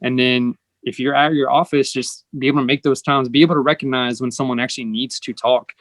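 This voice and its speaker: An earnest male host explains his points steadily in a mid-range voice. His speech is plain and deliberate, with scattered "um" and "uh". The sound is dry and close. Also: medium pitch, fairly even intonation, a bit bright, no echo. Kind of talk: casual conversation.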